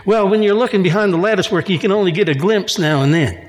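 A man's voice: high voice, quick pace, long reverb tail. A man preaching a sermon in a church, reading scripture and mixing in casual asides and jokes. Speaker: pastor.

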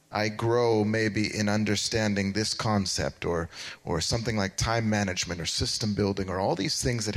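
A man's voice: on the low side, a bit bright. A man preaching a sermon as pastor, enthusiastic and exclamatory, recorded in a church. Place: church sanctuary. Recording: long hall reverb in a church.

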